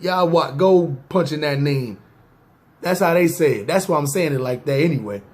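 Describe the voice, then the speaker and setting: A man with a fairly high voice talks through a casual podcast story and turns to his audience often. His speech is loose and heavy with slang. He drops into quick mock voices to act out scenes. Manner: loose slang-heavy talk, often addressing listeners as "y'all". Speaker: podcast host. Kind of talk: casual street storytelling to viewers.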